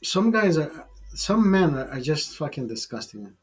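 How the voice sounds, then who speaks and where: Casting: man, slightly higher voice, loose profane livestream host riffing on whatever comes up. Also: sing-song, measured pace, faint music behind. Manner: profane, rambling, laughs at his own jokes. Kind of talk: casual livestream chat. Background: bar setting.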